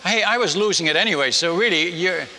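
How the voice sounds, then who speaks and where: An older man from the Netherlands, a missionary telling a humorous sermon story, animated and acting out the people in it. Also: high-pitched, fairly quick, slight background noise. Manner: animated, acts out villagers and his wife in quotes. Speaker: missionary speaker. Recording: long hall reverb.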